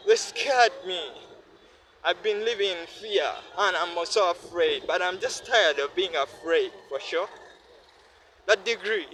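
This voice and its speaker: A man's voice: high voice, a bit bright, slight background noise, low-quality recording. A weary young man pouring out his feelings in a heartfelt, repetitive personal vlog monologue. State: weary, worn down. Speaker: vlogger.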